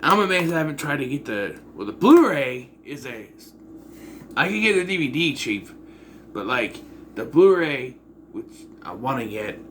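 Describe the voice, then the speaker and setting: A man giving a casual, rambling spoken movie review, often clearing his throat. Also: mid-range voice, sing-song, moderate pace, a bit bright, slight background noise.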